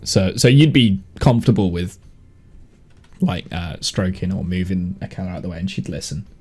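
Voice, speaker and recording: A man playing in a tabletop game, chatting casually in a lively way. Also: low-pitched, normal speed, slightly rough. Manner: lively, chatty, laughs easily. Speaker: player.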